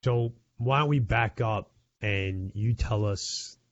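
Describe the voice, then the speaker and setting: Low-voiced male interviewer, lo-fi. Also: slow pace. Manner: brief reactions and prompting questions. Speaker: interview host. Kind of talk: casual interview.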